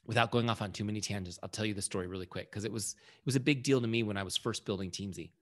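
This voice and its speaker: A man's voice: lowish voice, very fast, a bit bright. A man leading a casual sales training session, telling a story and acting out quoted lines in a conversational way.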